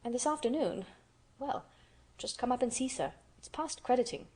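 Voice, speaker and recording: A woman's voice: on the high side, lively intonation, normal speed, darkish tone, lightly acted. A woman voicing a chatty middle-aged housekeeper. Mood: amazed. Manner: chatty, incredulous. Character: gossiping middle-aged housekeeper, brisk and amazed.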